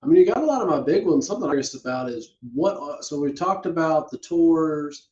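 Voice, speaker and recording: Easygoing male host, mellow and echoey. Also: on the high side, lively intonation, fairly quick, a little hiss or hum. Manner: easygoing, encouraging interviewer. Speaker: podcast host. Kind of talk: interview. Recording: dull, echoey room sound.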